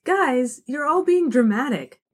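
A woman voicing a blunt, snappy young woman, a high school senior, who talks with brusque exasperation. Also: animated, unhurried.

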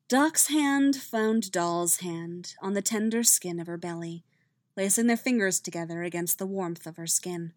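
A woman reading fan fiction aloud as a podfic, with soft, steady storytelling. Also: lowish voice, unhurried, long pauses, no room sound. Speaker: podfic reader.

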